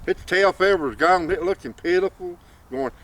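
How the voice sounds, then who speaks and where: A man's voice: high voice, moderate pace, a bit bright. A man telling a folk tale in a folksy drawl. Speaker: storyteller. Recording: distant mic, faint outdoor noise.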